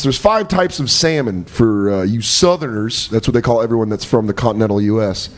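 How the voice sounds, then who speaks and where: A man's voice: medium pitch, expressive, fairly quick, a crowd in the background. A young man, a comedian and guest on a podcast, telling profane stories casually and laughing as he talks. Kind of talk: casual storytelling chat.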